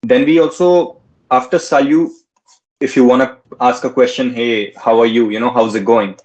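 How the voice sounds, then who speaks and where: A man tutoring in a relaxed way, repeating words slowly and mixing in Hindi phrases. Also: medium pitch, poor audio. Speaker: French tutor. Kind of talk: casual teaching.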